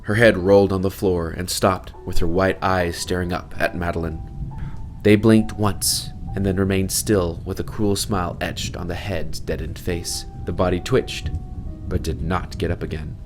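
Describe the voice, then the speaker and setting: A man narrates his own novel in a low voice, leaning hard into the action. The delivery is vivid and emphatic, with faint music playing softly underneath. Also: fairly even intonation, moderate pace. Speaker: author reading his novel. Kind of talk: dramatic storybook narration.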